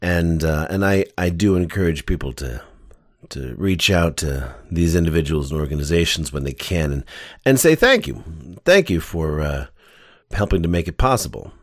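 A man with a low, deep voice hosts a podcast in relaxed conversation, rambling and enthusiastic as he talks. The sound is dry and close, with no room echo. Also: normal speed. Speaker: podcast host. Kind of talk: casual interview chat.

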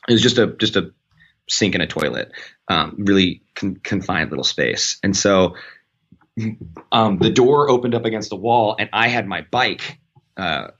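A man telling a personal story in casual chat. He talks in a rambling, self-correcting way and gets animated when he quotes people. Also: deep voice, lo-fi sound. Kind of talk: casual anecdote.

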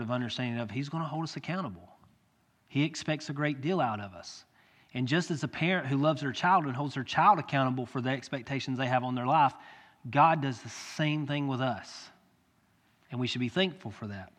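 A male pastor preaching a sermon with earnest, direct address that swells into loud pleading. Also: a little high, a little fast. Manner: earnest, rises to loud pleading when quoting. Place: church sanctuary. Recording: long church hall reverb.

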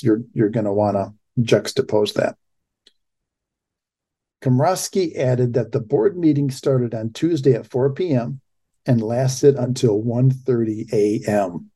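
A man's voice: mid-range voice, dark tone, breathy edge. A middle-aged man hosting a talk show, giving impassioned, emphatic political commentary.

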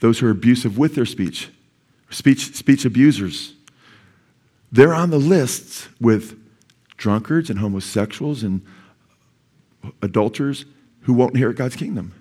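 A male pastor delivering a sermon in a church sanctuary. His voice sits at an ordinary middle pitch. He preaches earnestly and urgently, and his voice climbs sharply when he stresses a point. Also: warm tone, slightly rough. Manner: earnest, urgent preaching with sudden emphatic rises.

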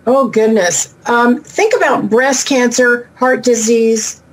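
A middle-aged woman talking as an interview guest over a remote call, chatty and down-to-earth with quick asides. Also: fairly high pitch, fairly even intonation, slight background noise, rough recording. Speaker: guest, animal intuitive and shaman. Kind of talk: casual interview talk.

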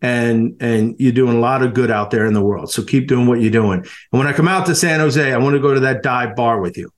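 A man's voice: mid-range voice, fairly quick. An effusive man hosts a podcast, chatting casually and laughing often. His voice sits in a middle range, and he stumbles and repeats words as he goes. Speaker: podcast host. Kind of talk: casual interview chat.

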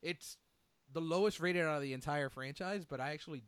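A man hosts a loose conversation about movies with friends, enthusiastic and laughing often. His voice is bright and sits a little high. The sound is close and dry. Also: fairly quick, smooth, dry recording. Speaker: podcast host. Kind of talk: casual chat.

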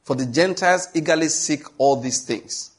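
Husky Nigerian man preaching emphatically. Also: on the high side. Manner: emphatic, reads scripture slowly, jokes with the congregation. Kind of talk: sermon.

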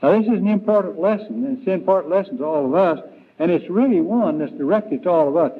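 Preacher, male, slightly high voice, very slow, halting delivery; thin phone-like 1990s tape. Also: lively intonation, breathy edge. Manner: slow, deliberate, with frequent fillers and restarts. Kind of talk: Bible lesson sermon.

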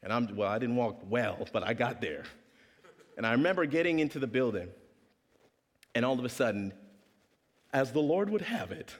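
A young man from Canada giving a humorous testimony talk, telling a story with animated delivery. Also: mid-range voice. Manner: animated storyteller, acting out voices. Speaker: speaker. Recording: long hall reverb.

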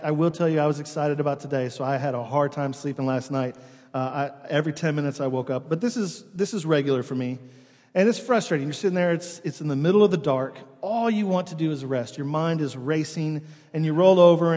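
A man preaching a sermon in a church, reading scripture and then telling stories conversationally. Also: a little high. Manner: conversational storytelling with animated imitations. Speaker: pastor. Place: church sanctuary. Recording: long hall reverb.

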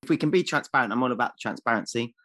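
A man's voice: mid-range voice, rapid-fire, pushed and bright. A man co-hosting a comedy podcast, answering with defensive, sarcastic jokes. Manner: defensive, sarcastic jokey replies. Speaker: podcast co-host.

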